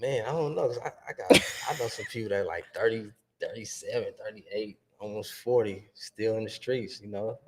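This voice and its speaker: A man's voice: on the low side, normal speed, few pauses, noisy background. A man in his twenties, a guest on a casual podcast, talking in a laid-back, hesitant way with many fillers. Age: 20s.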